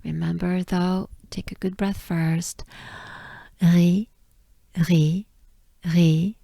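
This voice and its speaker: A woman from France with a French accent, patiently teaching pronunciation and repeating each sound slowly. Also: lowish voice, flat delivery, creaky, warm tone, dry recording. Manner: patient, drills words by repeating them. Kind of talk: slow pronunciation lesson.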